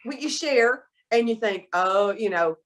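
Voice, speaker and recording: Brief: middle-aged woman, expressive interview guest. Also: fairly high pitch, a little slow. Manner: animated storyteller, quotes people in voices. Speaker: guest, soap maker. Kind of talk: casual interview chat.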